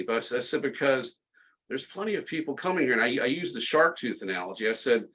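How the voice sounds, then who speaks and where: A man's voice: medium pitch, lively intonation, fast, sharp tone, poor audio. Middle-aged male guest, casual sardonic storyteller, ordinary mid-range voice, stop-start delivery. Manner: sarcastic, tongue-in-cheek, many restarts. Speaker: podcast guest.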